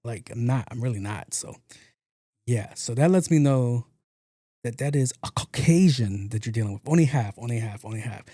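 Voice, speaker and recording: A man riffs through casual podcast commentary, full of swearing, jokes and repeated words. His voice is mellow and warm. The sound is dry and close. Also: medium pitch, lively intonation, moderate pace, no room sound. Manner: profane, joking, repeats himself. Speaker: podcast host.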